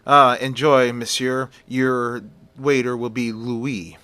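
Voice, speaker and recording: A man's voice: medium pitch, level tone, takes it slowly, pushed and bright, smooth. A man voicing a courteous restaurant maitre d' who speaks in a formal, deferential way.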